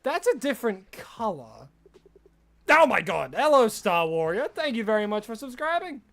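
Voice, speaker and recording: An Australian game streamer chatting playfully and rambling on a live stream, breaking into excited yelling. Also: medium pitch, normal speed, faint music behind. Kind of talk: live gameplay stream chat.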